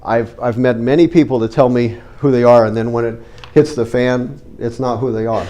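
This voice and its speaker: A middle-aged man talks to a room of listeners, warm and mellow in tone with a slight cold in his voice. He tells his story plainly and earnestly. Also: medium pitch, steady tone, normal speed. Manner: conversational, earnest, direct storyteller. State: has a cold. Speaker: real estate investor giving a talk. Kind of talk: storytelling talk to a live audience.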